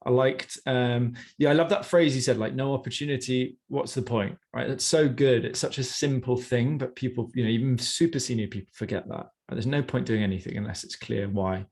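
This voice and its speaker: A man's voice: medium pitch, a little fast, hardly any pauses, darkish tone. A man giving one-on-one coaching feedback on a presentation, talking in a conversational, encouraging way with many fillers.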